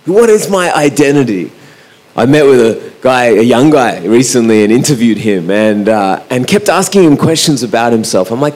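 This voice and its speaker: A man's voice: mid-range voice, moderate pace. Australian man telling stories. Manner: relaxed, anecdotal, with frequent "uh" and restarts. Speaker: speaker. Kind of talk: storytelling talk to an audience. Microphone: microphone.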